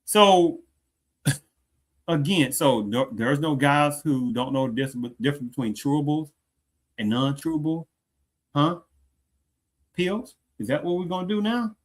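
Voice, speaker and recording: Pausing often, a man with a fairly high-pitched voice speaks at a measured pace as he hosts a reaction commentary. The talk rambles, with repeated rhetorical questions like "do you understand?" and many restarted sentences.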